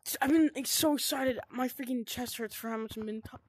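A woman giving excited gameplay commentary, gushing and squealing, with "oh my gosh" and "dude" constantly. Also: on the high side, brisk, husky. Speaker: gaming video creator.

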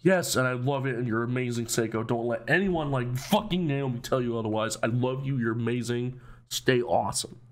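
A man's voice: medium pitch, a little fast. A man commentating casually on a horror game, reading its dialogue aloud and joking with lots of swearing. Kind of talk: casual let's play commentary.

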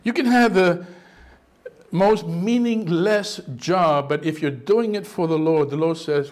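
A middle-aged male pastor preaching a sermon in an animated way, often acting out the voices of people he quotes. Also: on the high side, unhurried.

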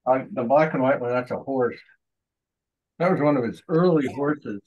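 A man's voice: mid-range voice, lively intonation, moderate pace, a little mellow, husky, muffled recording. A man chatting casually on a video call while painting, rambling and correcting himself. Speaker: artist painting during a group session.

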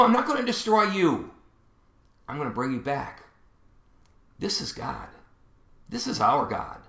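A man's voice: mid-range voice, fairly bright tone, reverberant. A man preaching a sermon as pastor, explaining scripture with some fillers and restarts, and reading verses aloud with rising emphasis.

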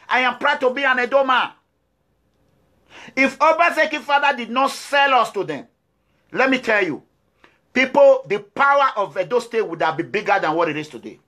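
A man with a Nigerian accent speaks in a high, bright, forceful voice. He gives a fiery, defiant address to his followers and hammers home his points with repeated declarations. It has the sound of an activist's impassioned video message. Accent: Nigerian English. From Nigeria (Edo State).

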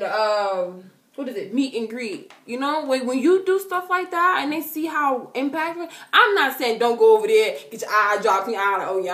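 A young woman vlogger answering fan questions in casual, animated talk, full of slang and repeated words, dropping to a soft hush for emotional moments. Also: fairly high pitch. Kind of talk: casual chat to camera. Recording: echoey room, faint music behind.

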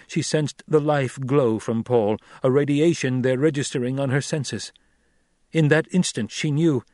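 A man narrating an audiobook in a measured storytelling voice on a close mic. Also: mid-range voice, darkish tone, dry recording. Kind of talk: scripted narration.

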